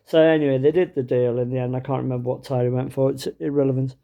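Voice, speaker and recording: A man's voice: medium pitch, level tone, fast talker, gravelly, highs cut off. A man telling a comic anecdote in a chatty, wry way, with lots of fillers and small restarts. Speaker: storyteller. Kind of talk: comic anecdote told to camera.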